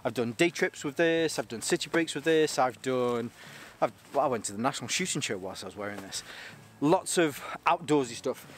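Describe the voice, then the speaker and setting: A man's voice: medium pitch, expressive, normal speed, a little hiss or hum. A man casually reviewing gear on his channel, rambling and enthusiastic, joking and restarting sentences often.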